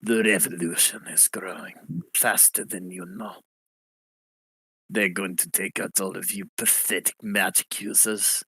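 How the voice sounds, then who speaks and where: A man's voice: sits low, fairly even intonation, a little slow, sharp tone, breathy edge, full character voice. A man doing a scornful revolutionary with a mock French accent. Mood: menacing. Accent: put-on French accent that comes across Russian. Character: angry male revolutionary leader, scornful.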